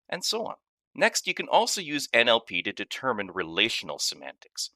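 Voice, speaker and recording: Bright, lively male tech instructor. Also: mid-range voice, fairly quick, no echo, clean studio sound. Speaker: course instructor. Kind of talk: scripted tech lesson narration.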